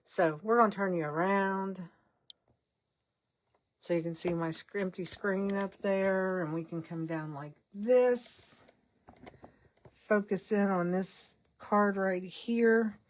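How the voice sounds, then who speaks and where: Speaking slowly in a mid-range voice with fairly even intonation, an older woman runs a relaxed card-making vlog. She rambles while crafting, often poking fun at herself.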